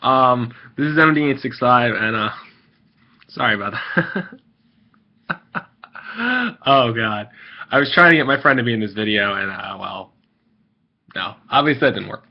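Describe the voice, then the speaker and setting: In a casual vlog, a man rants to his viewers in a rambling, irritated way, full of fillers and restarts. His mid-range voice has vocal fry, moves at a moderate pace, and pauses often. The lo-fi recording sounds dull.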